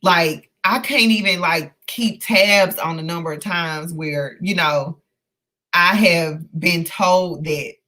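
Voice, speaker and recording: Woman host in her thirties, casual live-stream talk, slow, bright tone, heartfelt and halting. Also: on the low side. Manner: earnest, impassioned, halting with many fillers and restarts. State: emotional, close to tears. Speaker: host of a live book discussion.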